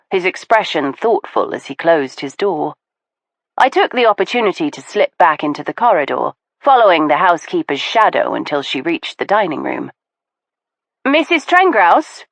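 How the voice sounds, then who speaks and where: A woman narrating a period mystery novel in the first person, measured and expressive. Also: low voice, no room sound. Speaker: audiobook narrator.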